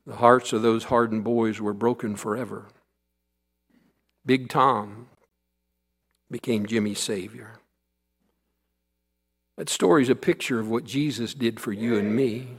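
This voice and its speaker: A man's voice: medium pitch, fairly even intonation, measured pace, long pauses, breathy edge. A male pastor delivering a sermon, telling a story in an earnest way.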